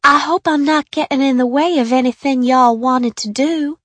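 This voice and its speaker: A woman voicing a shy new schoolgirl with a slow Southern US accent, talking softly. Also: high voice, no room sound, voice pushed up. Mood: nervous. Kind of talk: audiobook character voice.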